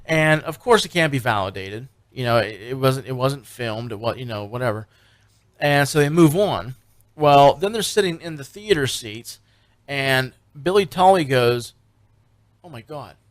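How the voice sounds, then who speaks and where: A man's voice: medium pitch, lively intonation, moderate pace, no room sound. A man co-hosting a radio talk show, telling a long, rambling story with many fillers and restarts. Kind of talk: casual radio chat recapping a TV show.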